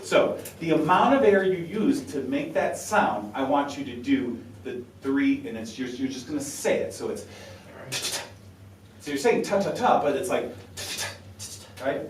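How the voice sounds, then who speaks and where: A man's voice: mid-range voice, unhurried, pauses often, a little hiss or hum. A man coaching a saxophone quartet, talkative and encouraging, sounding out syllables to demonstrate. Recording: roomy sound from a distance with faint ambience.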